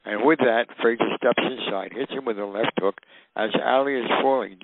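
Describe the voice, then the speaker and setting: Older man, gravelly voice, animated storyteller, acts out quotes, tinny radio phone line. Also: mid-range voice, moderate pace, dry recording. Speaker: guest storyteller. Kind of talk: recounting anecdotes.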